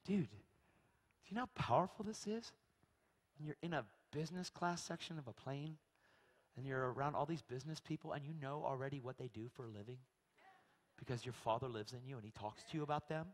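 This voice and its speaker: A man preaching a sermon, telling a story with animated energy and acting out the people in it. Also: medium pitch, fairly quick. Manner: animated storytelling, acts out voices, shrieks in quotes. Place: large church hall. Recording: long hall reverb.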